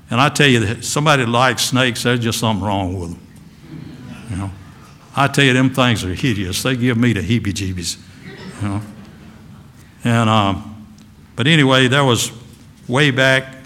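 A man's voice: medium pitch, fairly bright tone, in a large hall. Folksy, emphatic male preacher. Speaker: pastor. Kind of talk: sermon.

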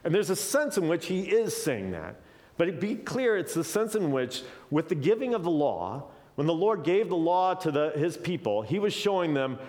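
A man's voice: a little high, big pitch swings, fairly quick, darkish tone. A male preacher giving a conversational Bible teaching, often checking in with "right?" and shifting his pace with energy.

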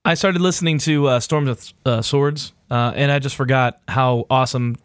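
A man's voice: mid-range voice, fairly even intonation, moderate pace, clear, resonant tone, no echo. Casual, profane male podcast host. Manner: loose and profane, many filler uhs. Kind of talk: casual chat.

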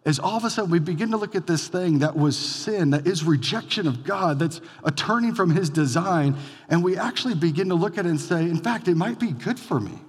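Fairly high-voiced guy preaching in church, casual talky sermon, gets loud then drops real quiet, big hall echo. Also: a little fast, breathy edge. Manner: conversational preaching, swings between loud emphatic bursts and quiet drops. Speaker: pastor. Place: church sanctuary.

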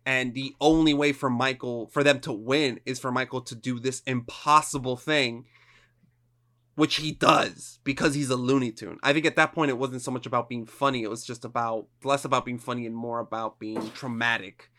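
A man co-hosts a relaxed podcast with a bright, clear tone. His pitch sits in the middle of the male range. He talks emphatically and animatedly. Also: normal speed. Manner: animated, emphatic, jumps into high mocking quotes. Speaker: podcast co-host. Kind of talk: casual chat.

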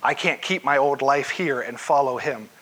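A man's voice: mid-range voice, normal speed, a bit bright. A male pastor preaching a conversational sermon to his congregation, asking them questions along the way.

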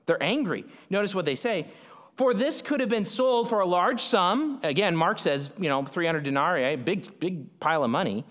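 A man's voice: on the high side, a bit bright. Man preaching in an echoing hall. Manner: conversational, explanatory, frequent fillers and restarts. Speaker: pastor. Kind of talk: sermon.

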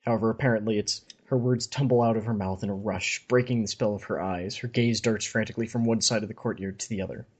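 A podcast host casually recaps fantasy stories in a chatty way, reading passages aloud. He talks fast with few pauses, in a lowish, steady voice with a breathy edge.

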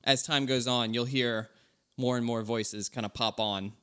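A man in his thirties co-hosting a casual car podcast, telling stories in a relaxed, rambling way. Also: mid-range voice, unhurried, smooth. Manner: relaxed, rambling, animated storytelling. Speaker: podcast co-host.

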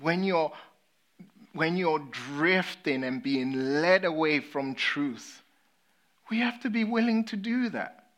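Slow-speaking English pastor preaching. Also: male voice, a little high. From England. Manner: storytelling, swinging between lively and hushed, sober. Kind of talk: sermon.

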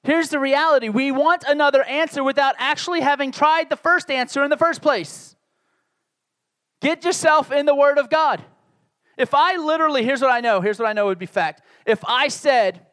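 A man's voice: very high-pitched, normal speed, sharp tone. A man preaching a sermon as pastor, conversational and joking, building to emphatic peaks.

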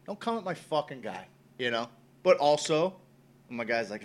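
Casting: a podcast co-host, a man with a lively, rising-and-falling delivery. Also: medium pitch, moderate pace. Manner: expressive, profane, emphatic. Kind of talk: casual conversation.

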